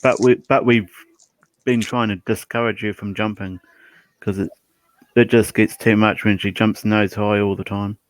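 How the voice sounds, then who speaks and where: A man with a lowish voice joins a livestream chat, gruff and exasperated and fond of folksy exclamations. His voice sounds dry and close. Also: little pitch movement, normal speed, no echo.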